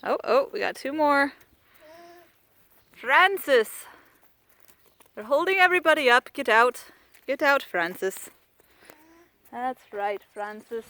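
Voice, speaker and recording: Filming with a handheld camera on a farm with alpacas, a woman gives casual outdoor vlog commentary. Her high-pitched, slightly bright voice is playful and theatrical, full of mock-grand phrasing.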